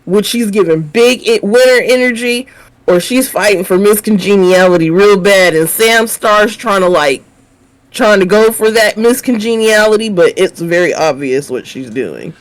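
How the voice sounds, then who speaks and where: A woman co-hosting a casual TV review chat, emphatic and opinionated, quick to agree. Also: mid-range voice, rough recording. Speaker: co-host of a TV review show.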